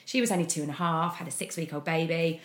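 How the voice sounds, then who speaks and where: Low-voiced woman, frank and halting. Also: steady tone. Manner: frank and open, halting with fillers. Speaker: interview guest. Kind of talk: candid personal account. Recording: echoey room.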